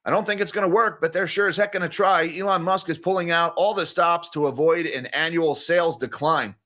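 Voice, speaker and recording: A middle-aged man talks through the day's market news in a casual, conversational way, reading headlines aloud and breaking off for sarcastic, exasperated remarks. His voice sits a bit high for a man and sounds bright and forceful. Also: steady tone, brisk. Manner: conversational, with fillers and restarts. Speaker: finance channel host.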